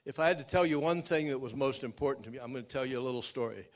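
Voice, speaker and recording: An older man giving a keynote speech, telling a dramatic personal story in a folksy way that swings from loud to hushed. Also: medium pitch, rapid-fire. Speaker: keynote speaker. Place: outdoor memorial event.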